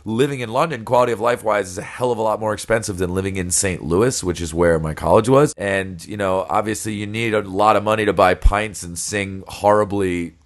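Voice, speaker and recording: A man's voice: lowish voice, a little fast, hardly any pauses. An American man in his thirties co-hosting a podcast from home, chatting casually with sarcastic, crude jokes. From United States. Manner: sarcastic, joking, crude banter. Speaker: podcast co-host. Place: home, in Japan.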